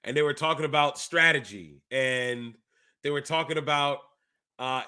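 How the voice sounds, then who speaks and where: Guy cohosting a chat show, bright sharp voice, acts out quotes, kinda sick. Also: fairly high pitch, moderate pace, clear, resonant tone. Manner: animated storyteller, acts out quotes. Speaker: podcast co-host. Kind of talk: casual chat.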